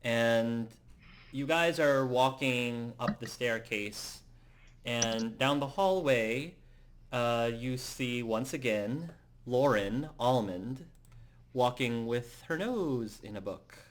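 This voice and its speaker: A male game master narrating a tabletop role-playing session. He talks slowly and in a halting way, with lots of pauses and restarts. His voice sits at an ordinary middle pitch. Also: slight background noise.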